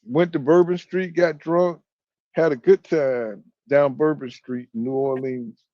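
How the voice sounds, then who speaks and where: A man from Florida co-hosting a casual boxing podcast chat, telling animated stories, mimicking people and swearing freely. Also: on the high side, unhurried, no room sound, dull audio.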